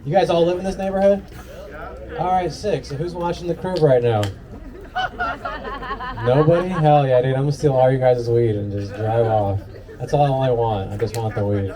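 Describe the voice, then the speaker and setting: Man, stoned stand-up comic, laid-back crowd work, mid-pitched voice, distant mic, loud audience. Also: moderate pace. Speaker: stand-up comedian. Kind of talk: stand-up comedy set. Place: outdoor patio comedy show.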